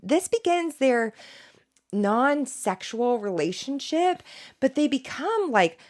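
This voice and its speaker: A woman's voice: high voice, sing-song, takes it slowly, darkish tone. A woman co-hosting a podcast, retelling a story in a casual, gossipy way. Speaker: podcast co-host.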